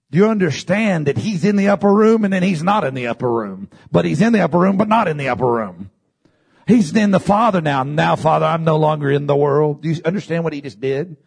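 A man preaching a sermon, swinging from low murmurs to high shouted peaks and calling for responses from the congregation. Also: vocal fry, slightly rough.

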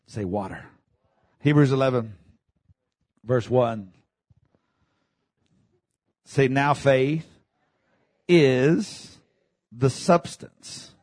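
A man preaching a sermon, dropping to low murmurs and rising to shouted peaks, leading the congregation in call and response. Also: measured pace, long pauses, husky, no room sound. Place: church.

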